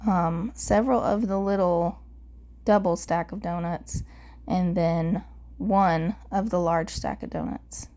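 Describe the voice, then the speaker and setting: A young adult woman narrating a craft card-making tutorial voice-over, calm and methodical, her voice crackly from the early morning. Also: fairly low pitch.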